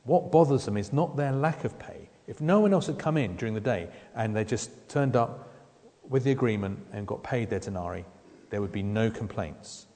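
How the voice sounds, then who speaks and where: A man's voice: on the low side, expressive, moderate pace, mellow. A man preaching a sermon in a conversational way, often putting questions to the listeners. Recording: long hall reverb.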